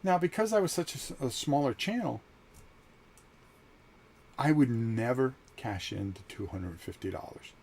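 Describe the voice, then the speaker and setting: A man's voice: medium pitch, moderate pace, pauses often. A middle-aged man hosting his channel, telling a story in a casual monologue and acting out the conversations he recalls. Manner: animated, acts out quoted conversations. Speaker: channel host.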